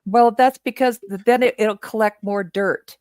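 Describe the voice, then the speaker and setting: A woman's voice: on the high side, steady tone, normal speed, darkish tone, no room sound. Easygoing woman, dry close sound. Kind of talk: casual chat on a live stream.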